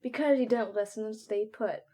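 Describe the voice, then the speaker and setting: A woman's voice: medium pitch, moderate pace, dark tone, natural voice. Woman reading as Hawks, a teasing young hero. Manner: playful teasing. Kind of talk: fan story reading.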